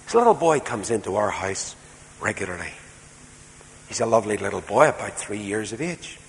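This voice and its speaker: A man preaching a sermon as a storyteller, moving between soft, quiet passages and loud, emphatic ones. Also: on the low side, sing-song, moderate pace. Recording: reverberant hall, faint background noise.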